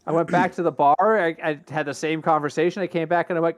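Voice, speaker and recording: A man's voice: fairly high pitch, fast talker. Chatty man telling a story. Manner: chatty storyteller, animated retelling. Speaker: podcast co-host. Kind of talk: casual chat.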